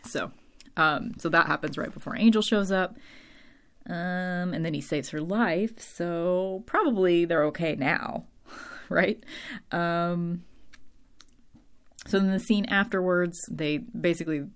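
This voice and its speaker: A woman recapping a TV episode speaks slowly and smoothly in a voice on the low side, pausing often. Her casual, rambling commentary leans on "like" and "um," and her voice sounds worn from long talking.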